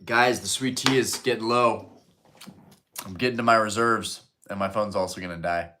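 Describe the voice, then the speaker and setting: A young adult man hosting a live stream, chatting casually and profanely while reading chat out loud. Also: on the low side, fairly even intonation, moderate pace.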